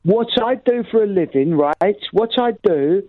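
A man playing a gruff cleaner on the phone. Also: high-pitched, expressive, measured pace, no echo, phone-quality sound. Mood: indignant. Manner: blunt, indignant, stumbling. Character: proud grumbling London working-class male cleaner. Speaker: caller. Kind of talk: comic radio phone-in sketch.

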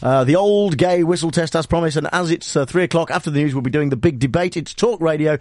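A man's voice: a little high, fast talker, a little mellow, no room sound, clean studio sound. A man hosting a talk radio show, teasing and joking with his producer in casual banter. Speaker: radio host.

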